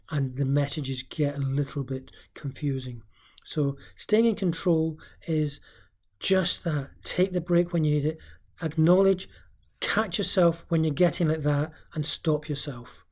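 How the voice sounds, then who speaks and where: A man's voice: a little high, measured pace, darkish tone. A man giving informal parenting advice in an earnest, coaching way, with many "um" fillers and small restarts. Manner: hesitant, frequent "um" fillers.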